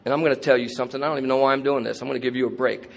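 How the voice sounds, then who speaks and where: A man retelling the firm, measured words of a stern but kindly male parole officer. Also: medium pitch, steady tone, vocal fry, lightly acted.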